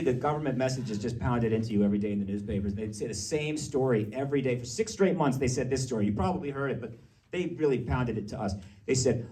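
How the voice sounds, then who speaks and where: A man doing a stand-up comedy set, telling stories in a lively, animated way with quick asides, recorded live on a stage mic. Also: medium pitch. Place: small live comedy venue. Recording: distant live room recording with crowd. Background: audience laughter.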